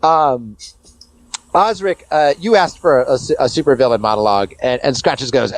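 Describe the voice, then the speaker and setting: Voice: medium pitch, normal speed, dry recording, rough recording. A game master narrating a tabletop game in a hesitant way, full of fillers and restarts.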